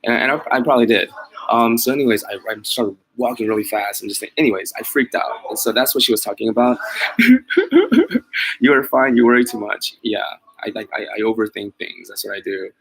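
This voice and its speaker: A mobile pet groomer vlogger chats casually to live viewers in a lowish, gravelly voice that's fairly bright, keeping a steady tone at a quick pace. He rambles, belittles himself with humor, laughs often, and uses many fillers and restarts. The low-quality recording has a little hiss or hum.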